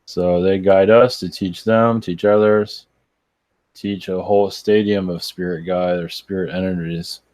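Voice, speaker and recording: Low-voiced, tired, halting man channeling. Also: steady tone, darkish tone, dry recording. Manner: rambling, halting, with many restarts and fillers. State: tired, yawning. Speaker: spiritual channeler. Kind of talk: live chat answering viewer questions.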